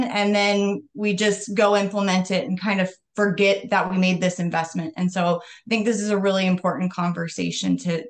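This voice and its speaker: A woman guest on a live talk show who founded her own company, speaking earnestly and at a measured pace over a video call. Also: medium pitch. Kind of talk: interview talk.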